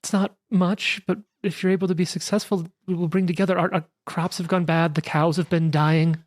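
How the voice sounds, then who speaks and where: A man's voice: sits high, little pitch movement, brisk, no echo, clean studio sound, lightly acted. A man voicing an anxious woman village barber who stammers and gushes with relief. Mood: worried pleading.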